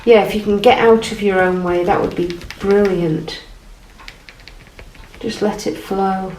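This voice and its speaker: A woman gently guiding an art lesson while she paints, encouraging and thinking aloud. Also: medium pitch, fairly even intonation, measured pace. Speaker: art teacher. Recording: roomy, from off the mic, faint noise.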